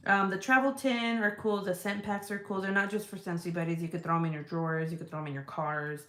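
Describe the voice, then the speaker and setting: A woman's voice: fairly low pitch, steady tone, quick pace, fairly bright tone. A woman chatting casually to her viewers about products she sells, swearing freely, rambling and laughing as she goes. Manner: profane, rambling and laughing, talks straight to viewers. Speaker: online seller of home fragrance products. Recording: roomy echoey room sound.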